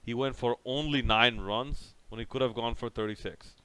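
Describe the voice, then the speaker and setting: A man's voice: mid-range voice, moderate pace, bright, forceful tone, clean tone, no echo. A young man casually recapping a cricket match over by over, rambling and sarcastic, with many restarts. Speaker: cricket reviewer.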